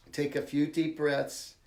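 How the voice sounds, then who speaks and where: A man's voice: on the high side, a little mellow. A man hosting a live-stream psychic reading for viewers, talking in a casual, blunt, chatty way. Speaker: psychic medium host. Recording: echoey room.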